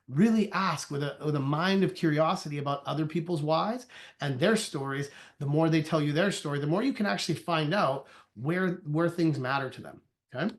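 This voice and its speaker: A man, a sales consultant, giving an energetic training talk, loosely conversational and acting out little dialogues as he goes. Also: on the high side, fairly quick. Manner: acts out conversations in quoted voices; loose and conversational, many restarts.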